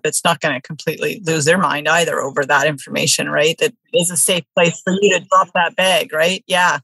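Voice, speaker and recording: A woman's voice: sits low, sharp tone, no room sound, low-quality recording. A woman hosting a podcast, chatty and lightly humorous in casual conversation.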